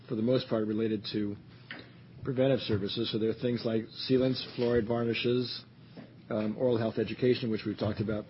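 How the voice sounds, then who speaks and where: Man, panel discussion, rambling with fillers, muffled, faint room hum. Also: medium pitch. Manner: rambling, hesitant, many fillers. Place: meeting room.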